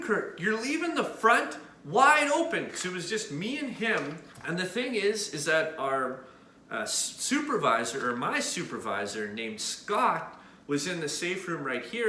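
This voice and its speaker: A man from Canada telling a personal story on camera in an animated way, pointing out where things happened. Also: fairly high pitch. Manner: animated, points out spots as he tells it. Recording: echoey room with faint noise.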